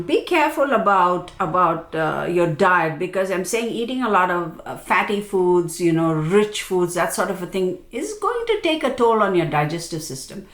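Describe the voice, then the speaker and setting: A woman's voice: mid-range voice, fairly bright tone. A woman astrologer giving a casual yearly forecast, chatty and self-mocking, often checking in with her viewers. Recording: echoey room.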